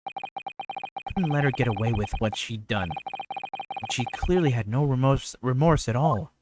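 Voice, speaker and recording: A man's voice: mid-range voice, lively intonation, measured pace, background noise, close to an everyday voice. A man reading as an indignant killer journalist. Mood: brooding. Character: bitter vengeful male journalist who turned killer. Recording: background game music.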